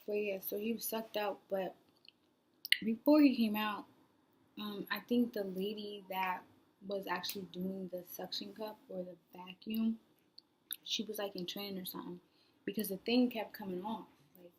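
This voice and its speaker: A young woman telling her own story in a casual vlog, rambling with lots of "like" fillers and sometimes dropping to a soft near-whisper. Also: medium pitch, little pitch movement, moderate pace. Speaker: new mother vlogger.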